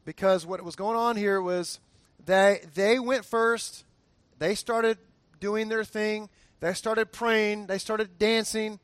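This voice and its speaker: A man delivers a sermon in a high voice, recorded dry and close. He is chatty and humorous, often tripping over and repeating his words, and asks the congregation to answer aloud. His delivery is animated and conversational. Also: slow pace, clear, resonant tone, dry recording. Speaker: pastor.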